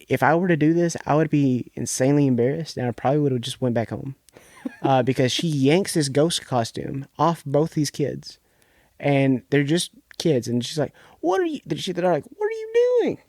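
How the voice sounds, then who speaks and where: Clean studio sound and a dry recording capture a young male podcast co-host with a medium-pitched, darkish voice. He recaps a TV episode casually and loosely, frequently restarting and relying on fillers.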